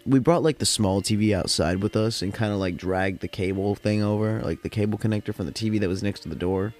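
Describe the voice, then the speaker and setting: A man's voice: on the low side, fast, darkish tone. A man from the California desert hosting a podcast, telling stories in a loose, profane, rambling way, tired after work. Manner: rambling, profane, heavy use of "like". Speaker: podcast host. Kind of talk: casual storytelling chat.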